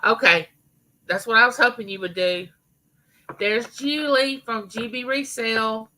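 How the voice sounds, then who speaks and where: A woman's voice: fairly high pitch, steady tone, a little slow, pushed and bright, a little hiss or hum, low-quality recording. A middle-aged woman from Mississippi with a Southern accent, hosting a casual live chat and greeting viewers by name. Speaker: YouTube channel host.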